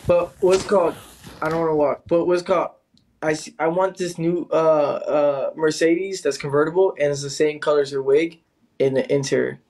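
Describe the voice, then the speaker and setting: A man's voice: fairly high pitch, steady tone, normal speed, darkish tone. A man on a casual livestream who taunts his rival and calls out to his viewers. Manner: taunting, teasing, calling out to viewers. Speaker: livestreamer in a live battle.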